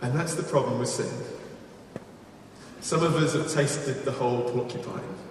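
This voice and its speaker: Earnest preacher in an echoing hall. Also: male voice, medium pitch, moderate pace, a little hiss or hum. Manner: earnest, storytelling, drops to quiet emphasis. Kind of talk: sermon. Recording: echoey hall from far off.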